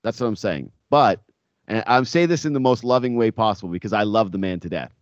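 A man co-hosting a sports podcast, rambling and animated with many filler words in casual chat. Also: on the low side, brisk, dry recording, studio quality.

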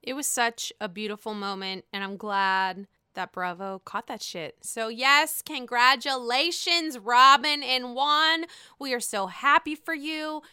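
A woman casually recapping a reality show, animated and profane, acting out the people she talks about. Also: a little high, unhurried, smooth, no room sound, clean studio sound. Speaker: recap podcast host.

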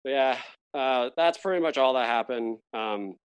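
A man talks casually as a podcast host, chatty and easygoing, with frequent laughs and sentences that trail off. His voice sits at an ordinary middle pitch. The sound is dry and close, with no room echo. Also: moderate pace, smooth. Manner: chatty, laughs often, trails off mid-thought. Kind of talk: casual chat.

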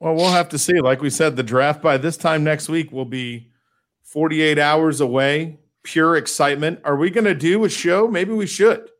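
A man's voice: a little high, normal speed, fairly bright tone. A man co-hosting a casual sports podcast, posing questions in a conversational way. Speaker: podcast co-host.

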